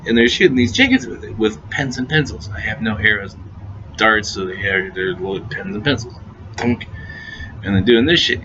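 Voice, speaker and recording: Male storyteller, lowish and forceful, profane and giggly, faint hiss on a muffled recording. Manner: profane, laughing often, repeats and restarts words. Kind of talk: casual anecdote. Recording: dull lo-fi recording with faint noise.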